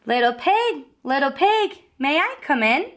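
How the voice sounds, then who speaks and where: A woman voicing a friendly, gentle wolf builder in a storybook, polite and concerned. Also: high voice, sing-song, measured pace, pitched above the performer's own voice, heavily acted. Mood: kindly.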